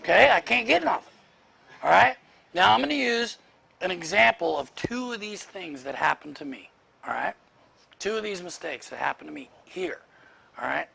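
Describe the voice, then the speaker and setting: A man's voice: high voice, animated, normal speed, creaky, sharp tone, husky. A man leading a workplace leadership training session, talking bluntly and firing rhetorical questions at the group.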